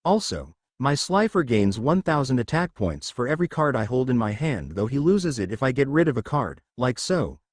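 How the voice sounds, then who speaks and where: A man's voice: mid-range voice, very animated, moderate pace, few pauses, dry recording, clean studio sound. A man voicing a scheming male villain who taunts and hisses, in a storybook reading. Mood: taunting. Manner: taunting, hissing.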